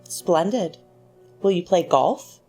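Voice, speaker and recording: A woman voices a withdrawn wife who speaks low and quiet, holding back emotion. Faint music plays beneath. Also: lively intonation, slow, breathy edge, full character voice. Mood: guarded.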